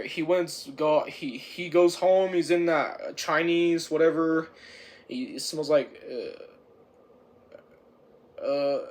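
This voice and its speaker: A man giving a rambling, casual movie review, halting and restarting with lots of fillers and repeated words. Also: a little high.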